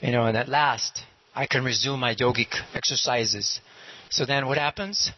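A man's voice: medium pitch, fairly even intonation, moderate pace. A man casually retelling a parable, rambling with many fillers and acting out the characters' lines. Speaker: storyteller. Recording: muffled lo-fi recording.

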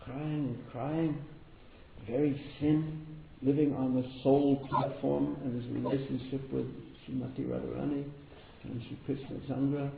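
A man with a gravelly voice gives a devotional talk as a spiritual teacher. He tells the stories in a storytelling manner and repeats words for emphasis. The sound is thin and phone-like, with a roomy echo and steady background noise. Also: mid-range voice, measured pace. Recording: echoey room over a tinny phone-like line with background noise.

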